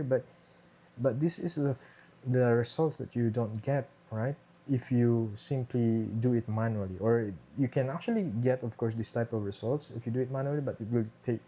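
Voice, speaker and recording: A man's voice: mid-range voice, dark tone. A young man casually walking viewers through his thesis research, explaining with many fillers and restarts. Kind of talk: casual screen-share walkthrough. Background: airplane noise from a nearby airport.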